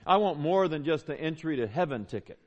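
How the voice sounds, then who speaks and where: A man's voice: a little high, animated, fairly quick. A man, preaching a sermon as a pastor, conversational and emphatic with repeated phrases. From Southern United States. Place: church.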